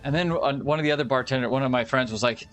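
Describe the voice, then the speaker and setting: A young man streams and talks casually, telling profane, ranting stories about his week. His voice sits in a middle pitch. Faint music plays under him. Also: very fast. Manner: profane, ranting, animated storytelling. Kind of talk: casual chat.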